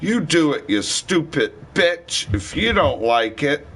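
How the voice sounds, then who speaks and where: A man's voice: fairly high pitch, very animated, slow pace, a bit bright, husky. A man livestreaming a rambling, profane rant in heavy slang.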